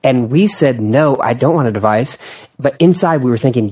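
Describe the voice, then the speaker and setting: A man in his thirties hosts a relaxed podcast conversation. His voice sits in an ordinary middle register, and he talks in a loose, chatty way with self-mocking asides. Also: medium pitch, a little fast, breathy edge. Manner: chatty and self-deprecating, laughs often. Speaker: podcast host. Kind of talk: casual conversation.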